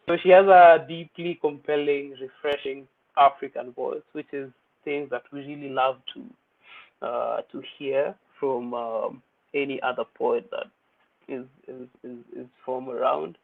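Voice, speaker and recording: A man's voice: mid-range voice, steady tone, a little slow, creaky. A man hosting a poetry open mic, introducing the featured poets in a casual, hyped way with many fillers. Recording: tinny phone-like audio.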